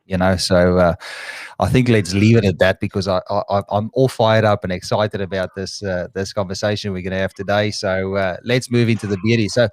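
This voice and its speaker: A man's voice: low voice, fairly even intonation, fairly quick, no room sound. Chatty Australian man hosting, dry sound. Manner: rambling, chatty, lots of fillers and restarts. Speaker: show host. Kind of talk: live online Q&A chat.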